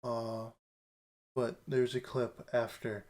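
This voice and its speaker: A man co-hosting a podcast in casual chat, an animated storyteller who acts out quotes and laughs often. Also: mid-range voice, slow pace. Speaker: podcast co-host.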